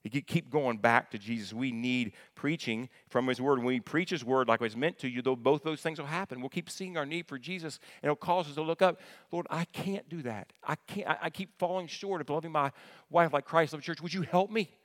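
A man, a pastor, preaching a sermon with lively questions to the congregation, often repeating words and restarting phrases. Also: a little high, brisk. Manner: animated preacher, asks the congregation questions and answers them. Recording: long hall reverb.

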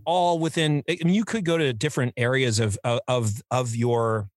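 A man's voice: mid-range voice, moderate pace, no room sound, studio quality. A man and voice actor in casual chat, rambling with many fillers. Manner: rambling, filler-heavy storytelling. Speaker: podcast co-host and voice actor.

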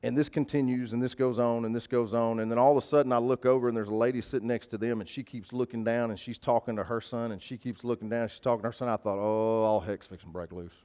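A man's voice: medium pitch, steady tone, fast talker, few pauses, mellow, smooth. A man preaching a sermon, telling a personal story in a conversational, emphatic way and repeating key phrases. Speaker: pastor.

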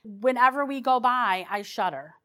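A woman with a somewhat high voice tells her stories as a paranormal investigator. She talks in a casual, rambling way, full of restarts and small fillers. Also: moderate pace, a bit bright. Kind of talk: casual storytelling.

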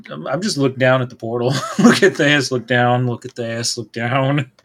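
A man with a mid-range voice takes part in a tabletop role-playing game. He laughs often and jumps in quickly whenever something happens. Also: medium pitch, fairly bright tone. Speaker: player.

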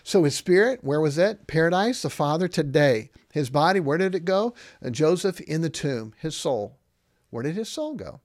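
A man with a slightly high voice teaches Bible doctrine on a podcast, emphatic and insistent. He poses questions and answers them himself, reading verses in King James wording. The recording is dry and close. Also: animated, normal speed, no room sound. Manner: reads scripture aloud in King James wording. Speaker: podcast host.

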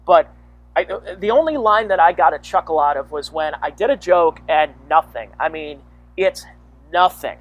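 A man in his thirties, a comedian guest, chatting casually in a rambling way with halting restarts. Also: a little high, animated. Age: 30s. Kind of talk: casual chat.

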